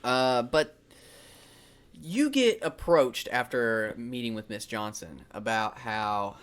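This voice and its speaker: Lively, chatty male game master. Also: medium pitch, slow pace, clean tone. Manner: casual, laughing, rambling. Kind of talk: narrating a tabletop game.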